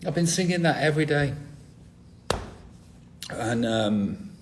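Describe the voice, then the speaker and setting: A man's voice: fairly high pitch, animated, takes it slowly, a little hiss or hum. A man, hosting a casual live stream, rambling and cheeky with crude jokes. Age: 40s. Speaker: livestream host.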